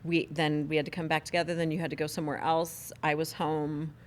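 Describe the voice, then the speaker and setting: A woman with a slightly low voice co-hosts a relaxed studio podcast. She is chatty and teasing and laughs easily as she talks. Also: fairly quick, slight background noise. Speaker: podcast co-host. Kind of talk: casual chat.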